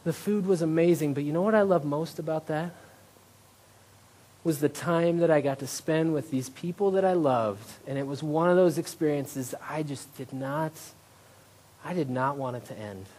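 With a slightly high, dark voice at a moderate pace, this male pastor gives a casual, conversational sermon. He leans on "right?" tag questions and self-mocking humor.

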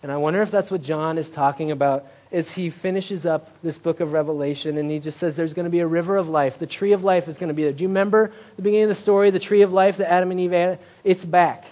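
A man's voice: fairly high pitch, fairly even intonation, quick pace, hardly any pauses, darkish tone. A male pastor preaching a conversational sermon, often checking in with "right?" and joking about himself. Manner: conversational, tag questions like "right?"; self-deprecating humor.

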